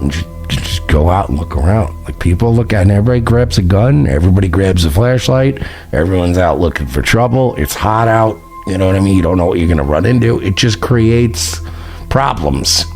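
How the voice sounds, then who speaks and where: Lively, profane streamer in his late thirties. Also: sits low. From New York. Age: late 30s. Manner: profane, rambling, quick to rant. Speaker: livestreamer. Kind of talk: casual livestream chat.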